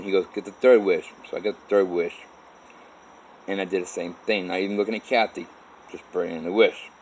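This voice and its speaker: A man tells his own story in a low voice, wandering and swearing as he goes. He often stops and restarts his sentences mid-thought. A faint background hum sits under the recording. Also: low-quality recording. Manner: rambling, profane, with many restarts. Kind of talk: personal story told to camera.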